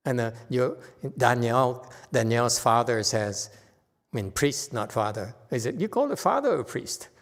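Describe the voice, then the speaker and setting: Male meditation teacher, Chinese accent, unhurried conversational sermon, long hall reverb. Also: mid-range voice, wildly swooping pitch. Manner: slow, conversational teaching with frequent "okay?" checks. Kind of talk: Dharma talk with audience questions.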